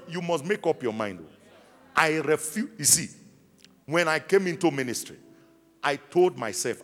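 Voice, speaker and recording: A man's voice: mid-range voice, a bit bright. A man preaching a sermon to his church congregation, from South Africa, calling out questions for the people to answer back. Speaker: pastor. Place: large church hall. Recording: long hall reverb with faint music.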